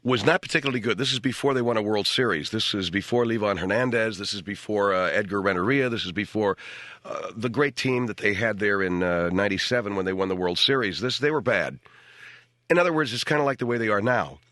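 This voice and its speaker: A man's voice: on the low side, quick pace, fairly bright tone, dry recording. A man hosting a radio comedy show from a studio, chatting casually in a wry, self-deprecating way. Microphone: studio microphone.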